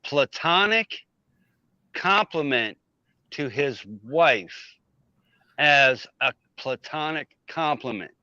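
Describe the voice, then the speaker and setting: A man's voice: fairly high pitch, lively intonation, slow pace, long pauses, bright, forceful tone, no room sound. A man joining a livestream chat, making blunt, crude remarks. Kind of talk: casual chat. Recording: dull, dry remote audio.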